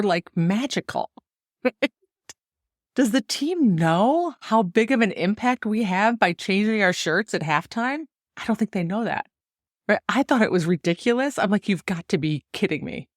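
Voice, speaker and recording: A middle-aged woman from the United States hosting a solo podcast, telling stories in an animated way and laughing often. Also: medium pitch, no room sound, clean studio sound. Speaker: podcast host and golf coach.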